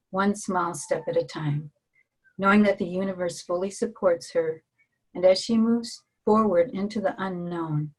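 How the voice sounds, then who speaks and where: A woman guest artist reading a reflective piece softly, then speaking gently with some hesitation. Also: fairly low pitch, low-quality recording. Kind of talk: reading a reflective text and casual talk.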